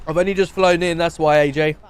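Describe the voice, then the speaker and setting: Fast-talking british bloke, dry and a bit scolding, slightly high voice. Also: male voice, fairly even intonation, clear, resonant tone. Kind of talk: in-character game roleplay.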